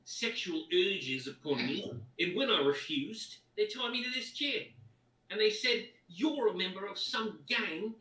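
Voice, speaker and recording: A man's voice: lively intonation, a little slow, sharp tone. Man putting on a whiny shifty halfling prisoner. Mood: whining pleading. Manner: high, whiny, pleading protests. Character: shifty male halfling prisoner, wheedling and dramatic. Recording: echoey room, voice far from mic.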